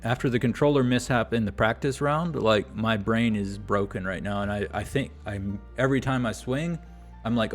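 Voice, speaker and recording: A man's voice: on the low side, moderate pace, soft background music. A man giving exasperated, self-deprecating play-by-play commentary while playing a golf video game. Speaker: gaming YouTuber.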